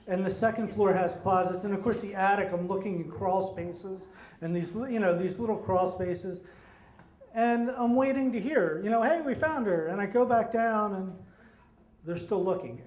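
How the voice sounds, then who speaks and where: A middle-aged man telling a personal story, animated and acting out the voices of the people in it. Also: high voice, normal speed. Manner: animated, acts out quoted voices. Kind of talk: personal story told to an audience. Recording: echoey room.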